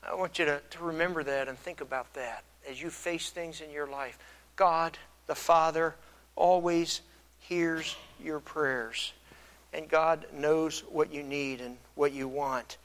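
An earnest male pastor preaches in a slightly higher-than-usual voice, musing aloud and frequently restarting his words. He grows louder whenever he stresses a point, keeping a steady tone and measured pace in a low-quality recording.

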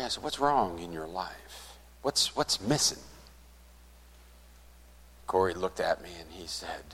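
A pastor tells a story from the pulpit, his low voice carrying through a reverberant church. He voices both sides of the conversation and sinks to a hush when the story turns grave. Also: breathy edge. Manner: retells a conversation, acting out both sides, softening to a hush at sad moments. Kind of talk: sermon storytelling.

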